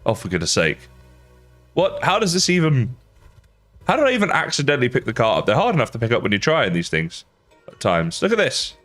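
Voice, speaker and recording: A man's voice: mid-range voice, wildly swooping pitch, a little fast, fairly bright tone, faint music behind. An English man with a slight Australian tinge, chatting casually and rambling to viewers while he plays a game on a livestream. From England.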